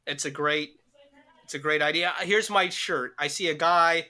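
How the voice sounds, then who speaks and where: Bright-voiced rambling joking man. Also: a little high, normal speed. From United States. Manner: crude, rambling, lots of swearing and laughing. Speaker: podcast co-host. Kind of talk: casual comedic chat.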